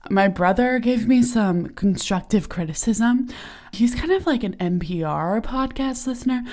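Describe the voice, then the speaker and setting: A woman's voice: a little high, expressive, a little slow, darkish tone. A young woman hosting her own podcast in casual, bubbly chat full of fillers and giggles, recorded in a small sauna. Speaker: podcast host. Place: small turned-off home sauna. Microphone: podcasting equipment while lying on her stomach.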